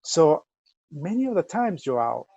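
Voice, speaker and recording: Guy co-hosting a soccer chat over a dull lo-fi line, kinda high voice, lots of ums and restarts, dry sound. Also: very animated, measured pace, creaky, dark tone, breathy edge, dry recording. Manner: rambling storyteller, many fillers and restarts. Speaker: podcast co-host. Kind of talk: casual remote podcast chat. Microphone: remote call mic.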